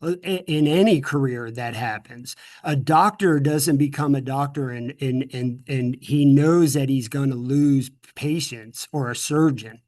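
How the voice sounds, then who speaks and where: A man's voice: mid-range voice, unhurried, hardly any pauses, darkish tone. A middle-aged man from the United States, answering interview questions earnestly, often repeating words and restarting sentences. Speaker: guest speaker.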